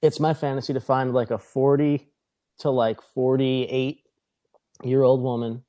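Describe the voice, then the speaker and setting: A young adult man with a mid-range voice tells a rambling, profane story at a measured pace during casual podcast chat. He animatedly retells it, acting out what the other people said.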